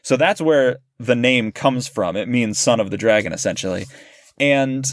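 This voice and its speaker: A man co-hosting a casual film-discussion podcast, his voice sitting at an ordinary pitch. He talks at length, restarts his sentences and piles up explanations. The sound is dry and close. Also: normal speed, dry recording. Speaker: podcast co-host.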